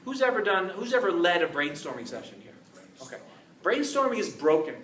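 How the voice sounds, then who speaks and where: A man giving an energetic talk to a live audience, joking and putting questions to the crowd. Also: sits high, a little fast. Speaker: speaker giving a talk on innovation. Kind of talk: lively presentation to a live audience. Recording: roomy, distant mic with faint noise.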